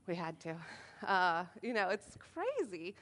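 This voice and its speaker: A woman in her thirties speaking at a moms' meeting, telling funny, self-deprecating stories in an animated way. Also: fairly low pitch, unhurried. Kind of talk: humorous talk to a group.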